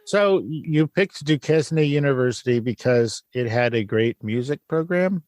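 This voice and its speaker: A man's voice: mid-range voice, animated, darkish tone, no room sound, clean studio sound. A man hosting a podcast, interviewing casually with a teasing, joking manner. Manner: teasing, jokey, quick asides. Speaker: podcast host.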